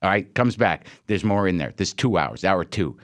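Animated, exasperated man telling a story. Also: low voice, moderate pace. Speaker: radio host filling in. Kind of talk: comic storytelling monologue on radio. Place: radio studio.

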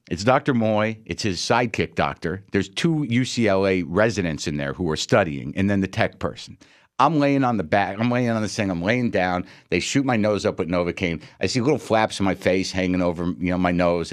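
A man's voice: low voice, expressive, fairly quick. A man filling in as a radio host, telling a comic story in an exasperated, incredulous way into a studio microphone.

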